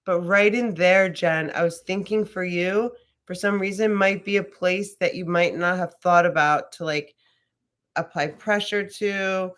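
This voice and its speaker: A woman's voice: on the low side, fairly even intonation, a little slow, a bit bright. A woman teaching a casual live yoga class, chatty and rambling, swearing freely as she talks.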